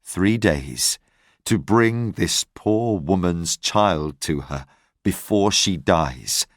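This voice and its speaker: A man voicing a big, kind middle-aged man who speaks gently. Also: deep voice, animated, dry recording, clean studio sound, pitched below the performer's own voice, heavily acted. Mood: gentle. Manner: gentle and slow.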